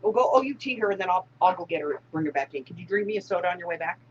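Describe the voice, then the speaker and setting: A woman hosts a casual late-night live chat, her pitch swinging widely as she talks. She laughs loudly and often. The sound is a bit muffled, with faint noise behind. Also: racing. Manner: loud laughing, animated. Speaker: host.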